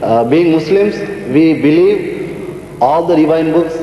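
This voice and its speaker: A man from the audience of a public debate asking a question hesitantly, pausing often. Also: fairly high pitch, expressive, dull audio. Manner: hesitant, with pauses and "uh"s. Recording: echoey hall with faint noise.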